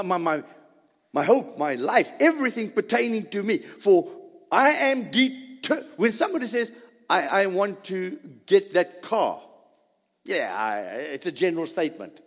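A man preaching a sermon as pastor, emphatic and drawn out, with long dramatic pauses on key words. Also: high voice, long reverb tail.

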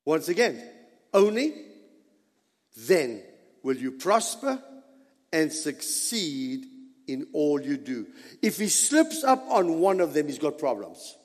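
A man's voice: a little high, very animated, slow, pauses often, big-room sound. A man preaching a sermon as pastor, emphatic and dramatic, dropping suddenly to near whispers.

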